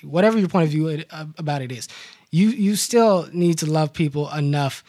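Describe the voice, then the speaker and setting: A man telling a story on a panel, halting and repeating his words. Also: fairly high pitch, a little mellow, no echo. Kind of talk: casual panel talk with storytelling.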